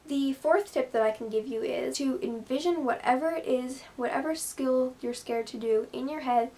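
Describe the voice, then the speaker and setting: Chatty high-voiced woman giving advice. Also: normal speed, mellow. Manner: chatty, lots of "like" and "you know". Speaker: gymnast vlogger. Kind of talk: casual advice vlog.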